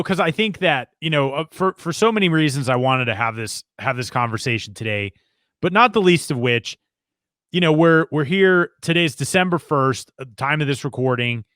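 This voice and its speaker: A man's voice: fairly high pitch, a bit bright, dry recording, studio quality. A man hosting a podcast in casual, friendly chat with a joking edge. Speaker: podcast host.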